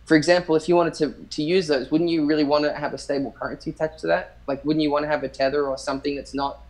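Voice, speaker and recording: Australian guest, fast talker with a gravelly edge, relaxed rambling chat. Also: male voice, a little high, rough recording. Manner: relaxed, rambling, thinks aloud with many restarts. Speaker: livestream guest. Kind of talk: casual chat.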